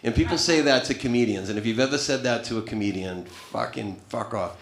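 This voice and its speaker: A man's voice: medium pitch, brisk, gravelly, fairly bright tone, echoey room. A man in his thirties doing a stand-up comedy set, profane and wry, rambling and cutting himself off mid-sentence. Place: small comedy club stage. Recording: live club room with audience laughter.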